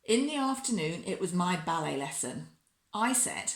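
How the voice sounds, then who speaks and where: A woman reading a children's picture book aloud in a warm, expressive storyteller manner. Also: lowish voice, normal speed, echoey room.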